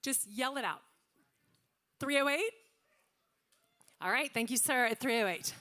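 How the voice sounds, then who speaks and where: A woman from Louisiana calling paddle numbers as a charity auctioneer, rattling off bids quickly with joking asides to the room. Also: high voice, lively intonation, pushed and bright. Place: large banquet hall.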